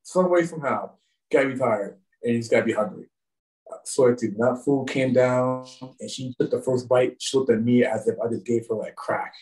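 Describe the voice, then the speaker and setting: A man's voice: medium pitch, far from the mic, poor audio. A man from the Southern United States with a Southern American accent, a wrestler guest on a podcast, telling slangy stories and laughing often. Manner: laughing, slangy, quick anecdotes. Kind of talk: casual podcast storytelling.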